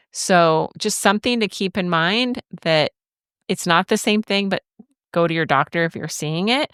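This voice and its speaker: A woman's voice: on the low side, a bit bright, clear, resonant tone, no echo, studio quality. A middle-aged woman co-hosting a podcast, telling stories in a chatty way and laughing often. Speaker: podcast co-host. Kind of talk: casual podcast chat.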